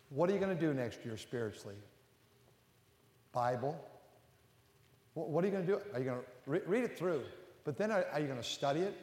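Older preacher man booming in an echoey hall. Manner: rising to loud emphatic peaks, then dropping low and intimate. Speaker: pastor. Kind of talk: sermon. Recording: echoey hall with long reverb.

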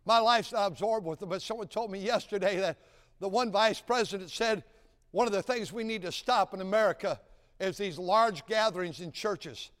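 A man preaching a sermon, telling folksy stories and building to shouted exhortation. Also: sits high, moderate pace. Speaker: pastor. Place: large church sanctuary. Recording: church sanctuary with long reverb.

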